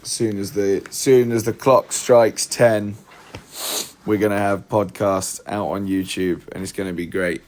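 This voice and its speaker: Man, deep voice, scattered livestream chatter, self-deprecating, at home. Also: fairly even intonation, measured pace, darkish tone. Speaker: podcast host on a livestream. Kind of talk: casual livestream chat. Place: room at home.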